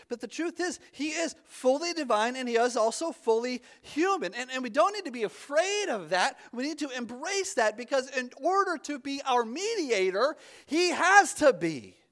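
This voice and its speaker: A pastor preaching a conversational sermon, often restarting his words and dropping suddenly to a hush. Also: very high-pitched, big pitch swings, normal speed, hardly any pauses.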